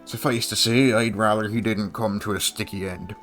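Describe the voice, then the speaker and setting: Casting: streamer playing a low-voiced grizzled elder, put-on old-world accent, game dialogue. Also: male voice, steady tone, moderate pace, fairly bright tone, soft background music, lightly acted. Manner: put-on old-fashioned accent, dramatic reading.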